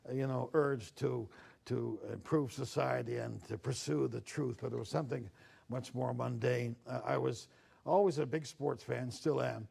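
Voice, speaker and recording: A man's voice: medium pitch, steady tone, moderate pace, gravelly, a little mellow, breathy edge. An older man from Newfoundland, a newspaper columnist, telling stories of his childhood in a sit-down interview, and acting out the voices he quotes. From Newfoundland, Canada. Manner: reflective storyteller, acts out quoted voices.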